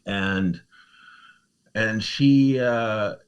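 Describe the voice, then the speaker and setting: A man telling a personal story on a podcast in a casual, animated way, acting out the lines people said and swearing freely, with lots of fillers. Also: fairly low pitch, drawn-out words, clean tone, lo-fi sound. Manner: animated, acts out what people said, heavy use of "like" and "you know". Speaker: true crime podcast host telling a personal story as a guest.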